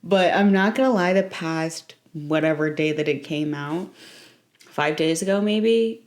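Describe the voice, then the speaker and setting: Young woman vlogger, rambling late-night chatter, slightly low voice, playful tangents. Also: measured pace, a little mellow. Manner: rambling, playful, bursts into squeals and laughs. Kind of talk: casual late-night vlog chat.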